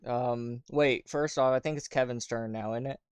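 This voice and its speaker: A man's voice: medium pitch, fairly even intonation, moderate pace, clear, resonant tone, no echo. A man running a tabletop game as game master, talking casually and rambling with fillers.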